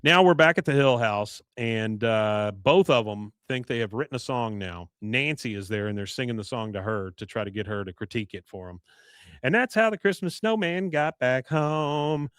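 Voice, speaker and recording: A man's voice: lowish voice, fairly quick, hardly any pauses, fairly bright tone, clean tone, no echo. A man hosting a podcast in a studio, recapping an episode in casual chat and chuckling as he reads lines from the show. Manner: chuckles often, reads show quotes aloud. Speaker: podcast host.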